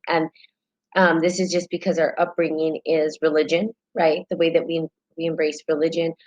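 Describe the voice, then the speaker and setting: A woman's voice: deep voice, darkish tone, highs cut off. A woman from New Mexico with a New Mexican accent, hosting a casual spiritual live stream, reading from a book and greeting viewers mid-sentence with lots of ums.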